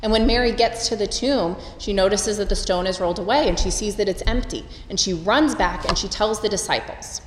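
Female preacher, expressive storyteller, church reverb, faint room hum. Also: a little fast, hardly any pauses. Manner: expressive, storytelling, lively pitch swings. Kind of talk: Easter sermon. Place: church sanctuary. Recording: roomy church with long reverb.

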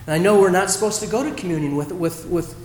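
A male pastor delivers a reflective sermon in a slightly higher voice, pausing and restarting as he tells a story. His words ring out with long reverb across a large church hall, and faint ambience sits behind him. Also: darkish tone, a little hiss or hum. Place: church sanctuary. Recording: roomy church hall echo.

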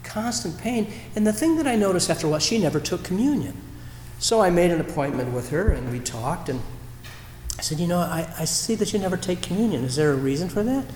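A man preaching a sermon as a pastor, telling a story in a reflective way with pauses and restarts. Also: high voice, expressive, a little mellow, slight background noise. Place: church sanctuary. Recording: roomy church hall echo.

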